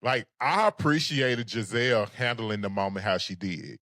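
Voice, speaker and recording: A man co-hosting a casual recap show, talking in a sassy, animated way. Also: fairly low pitch, normal speed, dry recording, clean studio sound. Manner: sassy, animated, sings phrases. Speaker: podcast co-host.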